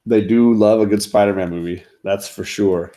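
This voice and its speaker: A man's voice: on the low side, steady tone, moderate pace, dark tone. A man hosting a casual comics livestream from home, rambling with lots of fillers. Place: home, in front of a comic display.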